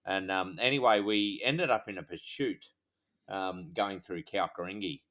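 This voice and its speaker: An Australian man, a police officer co-hosting a podcast, telling stories in a halting way full of fillers. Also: low voice, a bit bright. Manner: halting, filler-heavy storytelling. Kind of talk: casual chat.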